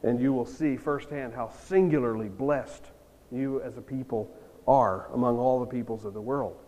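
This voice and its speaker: A man's voice: medium pitch, normal speed, warm tone. A jet-lagged pastor preaching a sermon to his church, earnest and swelling into emphatic bursts. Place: church sanctuary. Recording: long reverb of a church hall.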